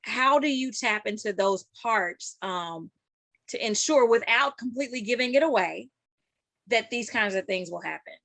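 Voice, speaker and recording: A woman's voice: on the high side, expressive, normal speed, dry recording. A woman hosting a casual interview, asking questions and affirming often. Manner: warm affirming, lots of yeahs. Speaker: interview host.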